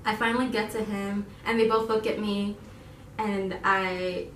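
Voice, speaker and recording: A young woman co-hosts a casual video and tells her story to viewers, giggling often and jumping into excited voices whenever she quotes herself. She sits some distance from the microphone in a roomy space that echoes, with a faint hum behind her. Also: medium pitch, unhurried. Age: young adult. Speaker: YouTube channel co-host.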